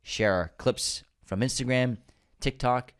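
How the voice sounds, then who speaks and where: A man with a noticeably nasal voice, co-hosting a film podcast. He moves between loose banter and brisk, friendly plugs for the show, at an ordinary middle pitch. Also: smooth. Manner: relaxed banter, friendly plug delivery. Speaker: podcast co-host. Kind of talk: casual chat and read-out show promos.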